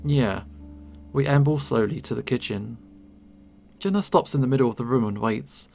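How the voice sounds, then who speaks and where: A man reading a visual novel aloud, voicing the narration and the characters' lines with light pitch changes. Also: normal speed, vocal fry, dark tone, soft background music. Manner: reads narration and dialogue, lightly shifting pitch between characters. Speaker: game narrator.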